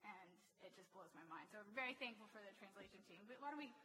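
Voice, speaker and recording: A woman preaches a sermon to a congregation in a church hall, speaking fast in an animated, conversational way and often asking her listeners questions. Her voice is medium in pitch, and there's heavy background noise.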